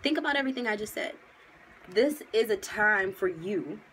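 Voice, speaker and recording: A woman's voice: mid-range voice, lively intonation, normal speed, fairly bright tone, a little hiss or hum, low-quality recording. Emphatic, slangy woman reading tarot. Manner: slangy and emphatic, speaks directly to viewers; gets emotional, near tears. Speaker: tarot reader. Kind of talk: casual tarot reading vlog.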